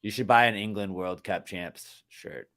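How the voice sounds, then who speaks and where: A man's voice: lowish voice, a little slow, a bit bright. A young man co-hosting a casual podcast chat, rambling, swearing freely and slipping into silly voices. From Texas. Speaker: podcast co-host.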